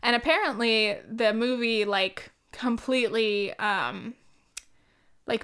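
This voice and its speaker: A woman's voice: fairly high pitch, takes it slowly, fairly bright tone, clean tone. A woman in her twenties hosting a podcast, chatting candidly and rambling with lots of likes and ums. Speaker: podcast host. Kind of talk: casual solo chat.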